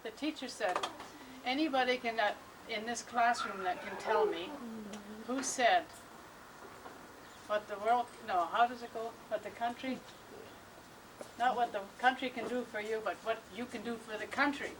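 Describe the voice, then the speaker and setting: A woman's voice: on the high side, moderate pace, pauses often. A woman telling a joke at a family birthday party, giggling and laughing through the punchline. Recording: distant home camcorder, noisy room.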